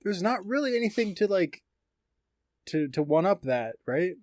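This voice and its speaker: A man's voice: high voice, very animated, moderate pace, darkish tone. A man co-hosting a casual podcast, rambling through fight news with lots of fillers and reading quotes aloud. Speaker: podcast co-host.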